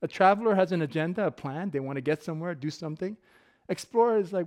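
Quick-spoken and high-voiced with a darker tone, this middle-aged pastor keeps his sermon informal. Personal anecdotes, frequent jokes, and plenty of laughter run through it.

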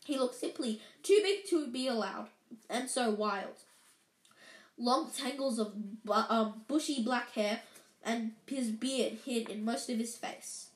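A woman's voice: on the high side, slow pace. A woman reading a storybook aloud in an unpolished way, often stumbling and correcting herself. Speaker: reader. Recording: echoey room.

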